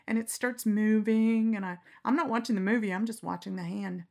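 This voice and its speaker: A middle-aged woman telling candid stories in a relaxed interview, frank and quick to laugh, acting out the lines she quotes. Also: medium pitch, creaky. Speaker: storyteller guest. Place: lying down in a quiet room.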